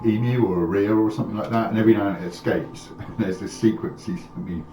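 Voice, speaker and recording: A man's voice: lowish voice, steady tone, fast, mellow. A man at a game table telling anecdotes casually, with hesitant starts. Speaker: player. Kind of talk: casual storytelling. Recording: roomy distant mic with music.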